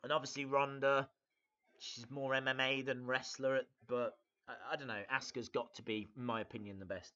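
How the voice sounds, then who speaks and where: A man's voice: medium pitch, bright, forceful tone. A man hosting a live wrestling reaction stream, rambling with lots of ums and uhs and answering viewer comments. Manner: rambling, hesitant, many fillers, reads out viewer comments. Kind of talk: casual live reaction chat. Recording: dull lo-fi sound.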